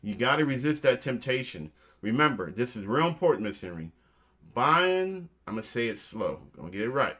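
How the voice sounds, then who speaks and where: A man's voice: mid-range voice, very animated, moderate pace, pushed and bright. Joking motivational guy hosting a casual show, mid voice, calls everybody family. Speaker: host.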